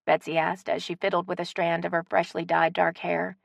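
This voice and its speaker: A woman reading a romance audiobook aloud in an expressive narrating style. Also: lowish voice, a little fast, vocal fry, few pauses, dry recording. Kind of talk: scripted narration.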